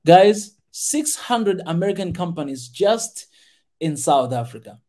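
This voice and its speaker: A man's voice: high-pitched, animated, a little slow, dark tone, soft background music. A male podcast host giving passionate commentary on a video, emphatic and repeating his key words again and again.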